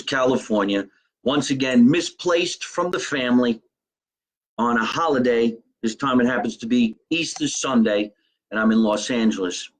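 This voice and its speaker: A man from New Jersey hosting a casual live podcast, talking in an animated way. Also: medium pitch, low-quality recording. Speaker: podcast host.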